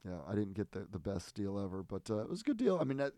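Rambling, amused low-voiced man chatting. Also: very animated, quick pace, warm tone, no echo, clean studio sound. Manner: rambling, self-interrupting, amused storytelling. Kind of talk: casual chat.

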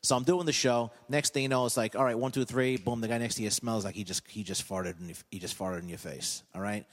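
A man, a hypnotist guest on a comedy podcast, telling stories in a casual, animated way and laughing at his own jokes. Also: fairly low pitch, fast, long reverb tail.

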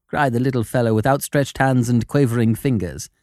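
A man reading a classic story aloud as a narrator, with expressive storytelling. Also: mid-range voice, a little fast, hardly any pauses, no echo, clean studio sound. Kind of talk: scripted narration.

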